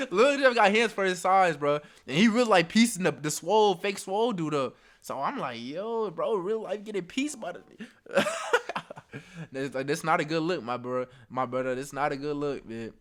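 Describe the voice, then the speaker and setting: A young man recounts a story in a loose, slang-heavy way, his voice sitting a little high. He laughs often and acts out the back-and-forth as he goes. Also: lively intonation, normal speed, fairly bright tone. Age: young adult. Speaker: storyteller vlogger. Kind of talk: casual storytime.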